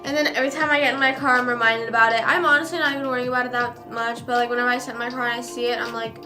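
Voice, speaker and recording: A woman's voice: fairly high pitch, steady tone, racing, over music. A young woman streamer casually telling a story, rambling with lots of fillers and casual swearing.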